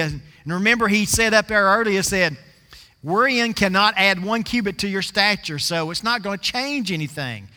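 A man's voice: high voice, lively intonation, normal speed, bright, forceful tone, in a large hall. A man preaching a sermon, telling a folksy story and stretching out scripture words for emphasis.

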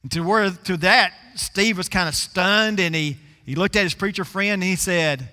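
A man's voice: high voice, normal speed, hardly any pauses, bright, forceful tone, big-room sound. A man preaching a sermon, telling a folksy story and stretching out scripture words for emphasis.

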